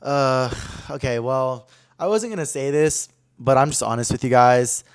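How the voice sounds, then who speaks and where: A young podcast host with a smooth, medium-pitched voice tells a story at a moderate pace, casual yet dramatic, sprinkling in lots of "like."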